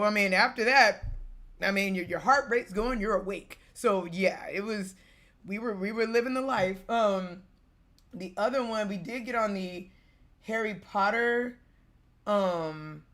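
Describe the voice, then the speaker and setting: A woman vlogger casually telling a lively, slangy story, cussing and breaking into laughter. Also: medium pitch. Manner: animated, slangy, cusses, laughs often.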